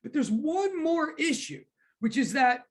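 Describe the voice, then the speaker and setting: A woman teaching a physics class online, talking in quick self-correcting bursts. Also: high-pitched, sing-song.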